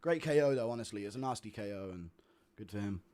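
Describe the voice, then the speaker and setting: Fast-talking man with blunt offhand remarks. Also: fairly low pitch, lively intonation, dark tone. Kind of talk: casual livestream chat.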